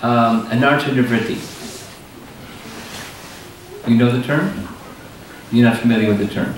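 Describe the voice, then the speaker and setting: A man's voice: medium pitch, a little fast. An older man, a spiritual teacher, explaining ideas in a thoughtful, patient way during a lecture with audience questions. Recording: roomy hall, distant mic, faint noise.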